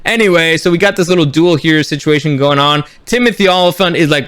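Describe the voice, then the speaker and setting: A man with a high voice and a sharp, bright tone reviews a show in a casual, excited monologue. He swears freely and slips into quick paraphrased dialogue to act out what happens on screen. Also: slight background noise. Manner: animated fan enthusiasm.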